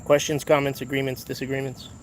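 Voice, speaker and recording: A man's voice: mid-range voice, monotone, quick pace, a little hiss or hum. A man livestreaming from a street protest outdoors, heated and confrontational as he talks to his viewers on a handheld phone. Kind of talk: live street protest stream.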